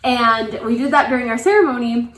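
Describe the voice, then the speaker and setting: Young woman, chatty storyteller, a bit high, echoey room. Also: a little fast, fairly bright tone, a little hiss or hum. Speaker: vlogger recounting wedding day. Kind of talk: casual storytime chat.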